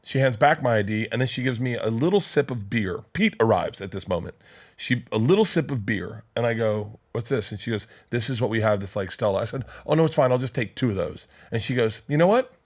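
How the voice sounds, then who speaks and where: Fast-talking man telling a profane story. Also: on the low side, expressive. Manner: rapid, profane, acts out voices in his stories. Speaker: podcast guest comedian. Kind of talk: animated storytelling chat.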